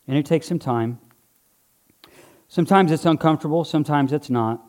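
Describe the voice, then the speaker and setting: A man preaching in church, a pastor, uses a live object lesson and a warm, conversational style with his congregation. Pitched slightly above the typical male voice and moving at a moderate pace, he alternates heartfelt urging with gentle jokes aimed at those before him.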